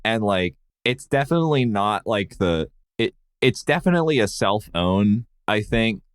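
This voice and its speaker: A man co-hosting a podcast, rambling and amused, full of "like"s. His lower voice swings widely up and down in pitch. The sound is dry and close. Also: normal speed, clean tone, no room sound. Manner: animated, amused, rambling with many "like"s. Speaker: podcast co-host. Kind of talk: casual podcast chat.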